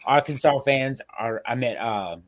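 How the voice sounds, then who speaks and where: A man hosting a casual sports podcast, animated, laughing often and swearing freely. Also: mid-range voice, measured pace. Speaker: podcast host.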